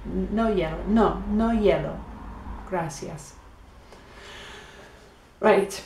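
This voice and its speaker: A woman teaching a Spanish lesson for beginners, repeating words slowly for learners. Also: mid-range voice, gravelly, a little mellow, echoey room, a little hiss or hum. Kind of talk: language lesson.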